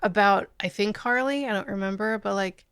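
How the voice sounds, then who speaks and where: A woman's voice: medium pitch, fairly quick, fairly bright tone, smooth, no echo, studio quality. A woman hosting a podcast in casual chat, with blunt, wry asides. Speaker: podcast host.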